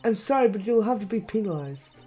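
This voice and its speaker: A man voicing a stern older male chief prosecutor who speaks in a cold, reproachful way, his voice a little hoarse. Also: high-pitched, lively intonation, fairly quick, warm tone, soft background music, voice pushed up.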